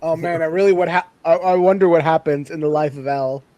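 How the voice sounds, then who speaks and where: A man's voice: on the high side, steady tone, fast talker, warm tone, dry recording. A man hosting a casual group chat, playful and joking as he runs the segment. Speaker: podcast host.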